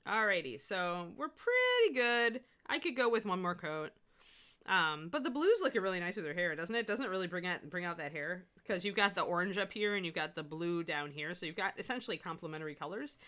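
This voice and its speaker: A woman's voice: fairly low pitch, lively intonation, fairly quick, sharp tone. A middle-aged woman giving a live miniature painting demo, chatting and laughing with her viewers as she works. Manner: chatty, rambling, laughs often.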